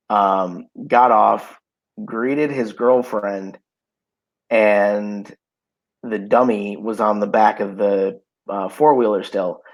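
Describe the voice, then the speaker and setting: Low slow-talking man telling stories. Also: poor audio. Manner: relaxed storytelling, many fillers. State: has the hiccups. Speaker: podcast co-host. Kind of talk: casual chat. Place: home.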